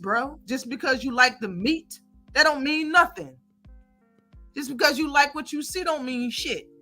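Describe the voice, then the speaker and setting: A woman's voice: sits high, sharp tone. A woman hosting a live stream, giving heated, blunt and profane commentary.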